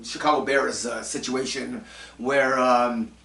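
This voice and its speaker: A man's voice: mid-range voice, fairly even intonation, slow pace, vocal fry, sharp tone. A man hosting a casual solo sports talk show, rambling and self-mocking with lots of ums and uhs, speaking. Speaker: podcast host. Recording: roomy echo, mic at a distance.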